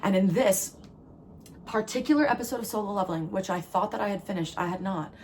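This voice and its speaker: A tarot reader from New Jersey delivers a spiritual channeled message, earnest, rambling, and emotional, coming out in quick bursts. Her voice is mid-range and a little mellow, with slight background noise.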